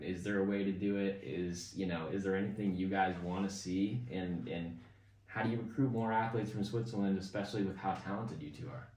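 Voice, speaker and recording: A man hosting a podcast in a relaxed, chatty way with plenty of fillers. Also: deep voice. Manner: laid-back, chatty, lots of fillers. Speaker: podcast host. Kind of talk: casual chat. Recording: roomy, distant mic.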